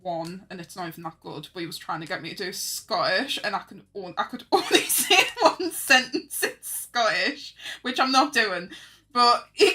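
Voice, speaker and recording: A woman's voice: mid-range voice, bright, forceful tone. Chatty young woman streamer. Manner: chatty and self-mocking, laughs often, answers chat. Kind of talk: casual chat while drawing on stream.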